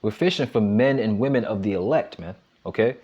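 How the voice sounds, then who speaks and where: Middle-aged man teaching scripture, lo-fi. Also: on the low side. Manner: checks in constantly with "all right?" and "okay?", reads verses slowly and louder. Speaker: Bible teacher. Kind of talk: street-style Bible teaching. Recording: dull lo-fi recording.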